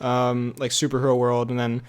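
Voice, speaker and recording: A man's voice: mid-range voice, monotone, fairly quick, clean tone. A young man co-hosting a podcast in casual chat, rambling with lots of fillers and laughing easily. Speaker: podcast co-host.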